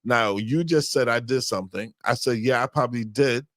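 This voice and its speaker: A man's voice: mid-range voice, normal speed, a bit bright, no room sound, studio quality. A man co-hosting a marriage podcast in casual chat, easygoing, often stopping and restarting his sentences. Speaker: podcast co-host.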